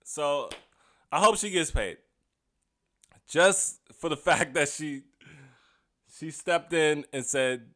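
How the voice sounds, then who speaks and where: A man's voice: on the high side, lively intonation, takes it slowly, pauses often, bright, forceful tone. A comedian and podcast host giving a casual comedic monologue. He is chatty and often laughs at his own jokes.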